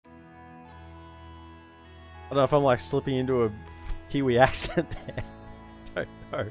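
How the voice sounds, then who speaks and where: A man's voice: mid-range voice, fairly even intonation, moderate pace. A man casually commentating his strategy game as he plays, thinking aloud and amusing himself. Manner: rambling, self-amused, thinking aloud. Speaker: gaming streamer. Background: game music.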